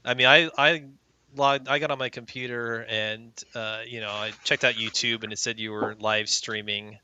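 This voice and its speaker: A man's voice: medium pitch, fairly even intonation, moderate pace, bright, forceful tone, clear, resonant tone, muffled recording. A man in his fifties, a guest artist, chatting casually on a live stream and making dry jokes. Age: 50s. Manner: dry, joking.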